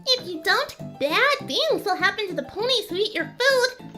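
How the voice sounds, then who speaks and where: A hyper, rambling female pony baker with a very high, squeaky voice. She chatters giddily from one idea to the next. Music plays behind her. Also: normal speed, heavily acted. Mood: bubbly. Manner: giddy, rambling, excitable.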